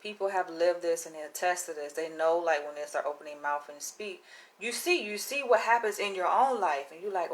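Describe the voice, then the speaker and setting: A woman's voice: mid-range voice, moderate pace. A woman from the United States vlogging casually to her small audience. She speaks with a slangy, emphatic, profane delivery, pressing her points in a conspiratorial tone. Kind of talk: casual monologue to camera.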